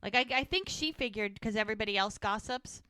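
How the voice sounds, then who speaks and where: A woman's voice: mid-range voice, fast, sharp tone, clean tone, dry recording, clean studio sound. A woman co-hosting a casual podcast, retelling television scenes in a chatty way and quoting the characters. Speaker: podcast co-host. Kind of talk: casual rewatch podcast recap.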